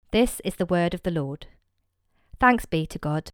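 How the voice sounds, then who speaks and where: A woman reading scripture aloud in a service, measured and expressive, with dramatic emphasis. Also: on the low side, dry recording, clean studio sound. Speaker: scripture reader.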